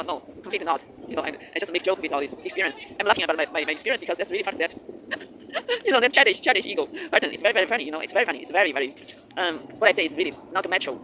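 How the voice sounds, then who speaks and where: A man delivers a spiritual monologue at a very quick clip, stumbling through fillers and restarts and breaking into laughter often. His voice sits a little high for a man. A steady noise runs under the recording. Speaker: spiritual channel host. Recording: noisy background hiss.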